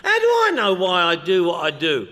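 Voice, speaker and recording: A middle-aged man with a London accent, telling comic stories to a crowd in a loud, joking, punchy way with bursts of shouting. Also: sits high, wildly swooping pitch, brisk. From England. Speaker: recovery meeting speaker. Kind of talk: comic storytelling talk to a crowd.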